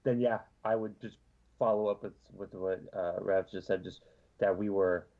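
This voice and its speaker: A man's voice: deep voice, steady tone, normal speed. A man playing a tabletop game over voice chat, talking in a hesitant, rambling way. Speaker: player. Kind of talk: casual chat. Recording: dull lo-fi mic.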